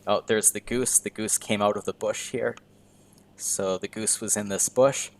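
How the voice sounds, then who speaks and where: A man's voice: fairly low pitch, steady tone, normal speed. A man teaching English to beginners, talking through a video game in simple, repeated phrases. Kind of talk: slow teaching commentary over gameplay.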